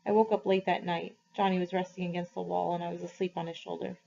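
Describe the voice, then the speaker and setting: Woman teacher, novel read-aloud for students, measured and expressive, dull lo-fi sound. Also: on the low side, gravelly, a little hiss or hum. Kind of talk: reading a novel aloud to a class. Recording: slightly muffled, dull recording.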